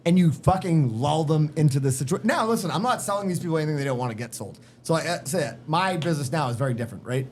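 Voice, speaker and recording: A man's voice: on the high side, animated, quick pace, few pauses, darkish tone, a little hiss or hum. A middle-aged man with a slight Boston accent, telling work stories as a podcast guest in a blunt, profane, emphatic way. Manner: profane, emphatic, street-smart. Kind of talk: casual storytelling chat. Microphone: podcast microphone in a garage.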